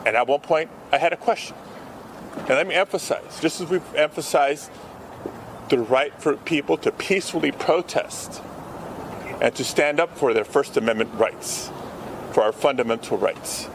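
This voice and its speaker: A man's voice: on the high side, normal speed. A man, a senator, giving a firm, emphatic statement to the press that rises to indignant heights. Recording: outdoor street noise.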